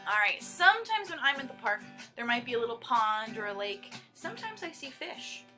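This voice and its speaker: At home, with an acoustic guitar in the background, a woman who teaches children's movement leads young kids through a dance song, cheering them on warmly. Her voice is a little high and brisk, with big swings in pitch.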